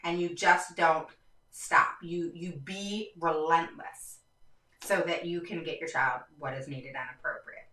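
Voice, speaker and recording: Her voice sits low, steady and sharp, and she speaks unhurriedly, though the poor, reverberant recording comes from a distant microphone. Hosting a stream for parents, she's passionate and emphatic, repeating herself, using many fillers, and swinging up and down in pitch as she grows frustrated.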